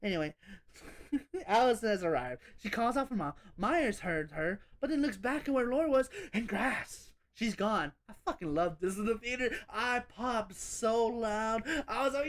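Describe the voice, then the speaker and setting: A woman giving a casual spoken horror movie review, animated and rambling, swearing often and laughing as she goes. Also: fairly high pitch, moderate pace.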